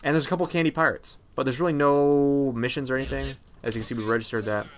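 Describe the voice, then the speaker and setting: A man's voice: medium pitch, steady tone, quick pace. A man casually narrating a game walkthrough, chatty and rambling with many ums and uhs. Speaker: gameplay narrator.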